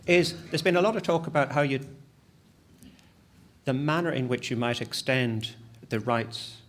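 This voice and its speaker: A man giving a conference presentation as an academic, lively and self-deprecating, with frequent restarts. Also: mid-range voice, a little slow.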